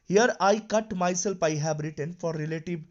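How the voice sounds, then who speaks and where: A man's voice: high voice, normal speed, a little mellow, dull audio. A man teaching an English grammar lesson, explaining patiently and repeating his examples with lots of "you know" and "okay".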